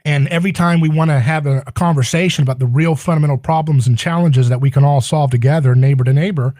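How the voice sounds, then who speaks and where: A man's voice: on the high side, quick pace, a little mellow, dry recording. Sarcastic indignant male talk-radio host. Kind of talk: political talk radio monologue.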